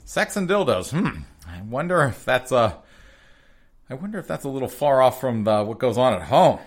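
A man's voice: big pitch swings, moderate pace. A man voicing a whiny, stammering young man who fakes outrage to get a refund. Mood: mock offended. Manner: stammering, high, fussy.

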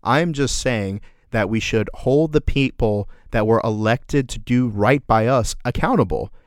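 A man's voice: medium pitch, unhurried, dry recording, studio quality. A man co-hosting a podcast, ranting casually and earnestly with lots of swearing and fillers. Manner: profane, earnest, filler-heavy. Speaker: podcast co-host.

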